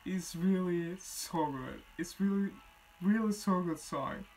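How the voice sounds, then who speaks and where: A reaction video host talking casually while watching a music video, exclaiming often in simple, halting phrases. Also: medium pitch, poor audio. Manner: excited, exclaims repeatedly.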